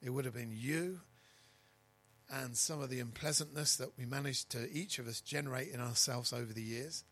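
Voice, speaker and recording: A man preaching a sermon as pastor, stressing key words loudly and dropping to quiet asides. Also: medium pitch, normal speed, poor audio. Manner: emphatic, swinging between loud stresses and quiet asides.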